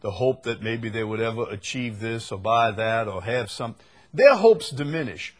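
A male pastor preaching a sermon, teaching from the Bible in an unhurried way and repeating key phrases for emphasis. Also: medium pitch, animated.

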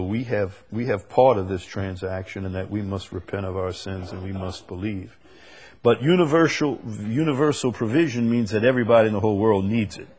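A man teaching through Bible verses to a small group, earnest and repeating key phrases, reading scripture slowly. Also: deep voice, a little mellow, husky. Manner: speaks to a live group.

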